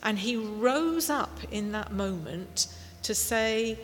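A woman preaching a sermon, slow and emphatic, with warm storytelling asides. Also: a little high, lively intonation. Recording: long hall reverb, faint noise.

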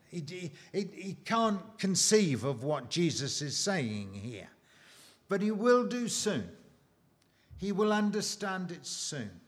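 Slow, emphatic higher-voiced male preacher. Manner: slow and emphatic, with dramatic pauses and rhetorical questions. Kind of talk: sermon.

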